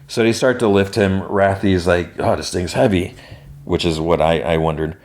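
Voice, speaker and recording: A man with a very low, deep voice talks loosely through a TV episode recap. He restarts his sentences often and slips in quick quoted lines from the characters as he goes. He speaks in an unhurried, conversational way as a podcast host. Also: darkish tone. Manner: rambling, many restarts, quotes characters in passing.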